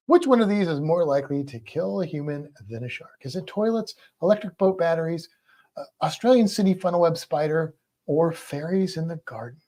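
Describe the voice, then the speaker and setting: A man co-hosting a trivia livestream, reading out questions and viewer comments in relaxed chat, laughing easily. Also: a little high, normal speed.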